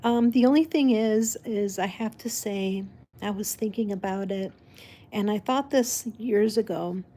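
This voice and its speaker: A woman whose first language is Spanish, talking in a casual, meandering chat. She speaks slowly, circles back on her own words, and breaks into laughter now and then. Her pitch sits in an ordinary middle range. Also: dark tone. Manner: rambling, restarts often, laughs. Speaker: vlog host.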